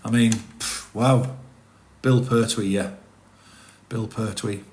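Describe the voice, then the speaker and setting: A middle-aged man talks in a low voice. He rambles in a casual, chatty way on a live stream, reading out and answering viewers' comments. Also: steady tone, takes it slowly, a little mellow. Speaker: livestream host reading chat.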